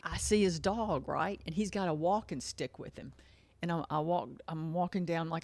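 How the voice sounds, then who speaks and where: A woman's voice: sits low, unhurried, no room sound. Rambling woman telling a story. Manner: rambling, repeats herself, acts out quoted dialogue. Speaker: vlogger. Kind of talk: casual storytelling monologue.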